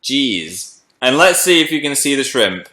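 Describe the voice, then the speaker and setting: Excitable man livestreaming. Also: medium pitch, a little slow, roomy sound. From England. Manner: excitable, coos over his pet shrimp. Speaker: livestream host. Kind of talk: casual live-stream chat.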